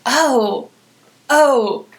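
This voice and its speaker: Young woman guest-host, quiet and giggly, speaks in a soft half-whisper, a touch high. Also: extremely slow. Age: young adult. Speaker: podcast co-host being interviewed. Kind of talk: casual chat.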